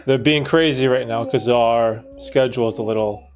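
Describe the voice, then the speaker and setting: A man hosting a casual livestream, laid-back and playful with slangy banter, gentle when he talks to young children. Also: mid-range voice, moderate pace. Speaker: livestream host.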